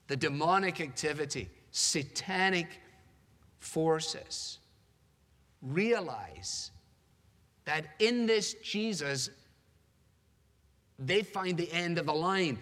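A man's voice: fairly high pitch, bright, forceful tone. A man preaching a sermon with emphatic, dramatic pacing and repeated phrases for rhetorical build. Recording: long hall reverb.

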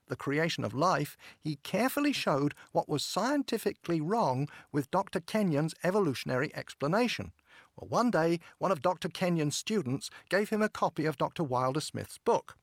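A man giving a scripted radio devotional narration in a measured, earnest manner. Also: fairly high pitch, no echo, studio quality.

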